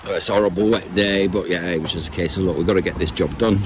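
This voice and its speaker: A man's voice: low voice, fairly even intonation, fast. A man gives a casual, rambling walking commentary outdoors at a marina. He often restarts his sentences. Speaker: vlogger and boat owner. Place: outdoors at a marina on a wet, windy day. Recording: loud wind noise on the mic.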